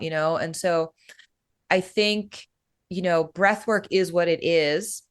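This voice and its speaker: A woman who works as a breathwork facilitator, explaining her practice in a relaxed, casual way that is full of "you know" and "right?". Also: lowish voice, slow pace, smooth.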